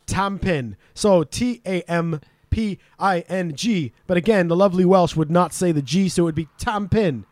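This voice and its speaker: High-voiced British man, joking host. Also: moderate pace, few pauses, darkish tone, dry recording, clean studio sound. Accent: mixed British. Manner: joking, swears freely, laughs often. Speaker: host teaching local slang. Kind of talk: casual chat over a video call.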